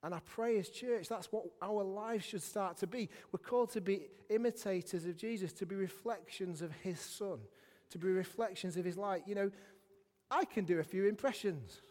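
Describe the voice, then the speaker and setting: A man's voice: high-pitched, normal speed, a little mellow. A man preaching a sermon in a church hall, chatty and self-mocking, with many asides to the congregation. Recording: long reverb in a church hall.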